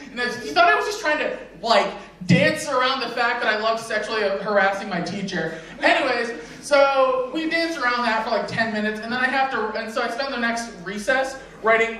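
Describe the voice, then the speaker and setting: A man's voice: high-pitched, pushed and bright, a little hiss or hum. A man telling a rambling, self-mocking stand-up story at an open mic, laughing at his own jokes. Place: convention panel room. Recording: echoey room heard from a distance.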